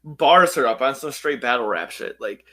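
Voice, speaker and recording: A man co-hosting a podcast, talking casually and excitedly about an anime with lots of "yo" and "like". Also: mid-range voice, moderate pace. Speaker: podcast co-host.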